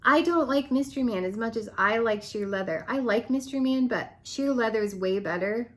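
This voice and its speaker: A woman's voice: a little high, a little fast, hardly any pauses. A woman sales consultant ranting in a casual vlog, laughing often and dropping into dramatic whispers, her voice a little worn. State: losing her voice.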